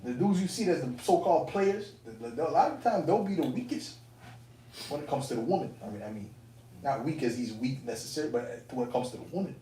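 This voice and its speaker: A man casually telling a personal testimony to fellow believers, animated and profane, with streetwise phrasing. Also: medium pitch, fast talker. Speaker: elder speaking to fellow believers. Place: indoor camp meeting room. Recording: roomy, distant mic, faint room noise.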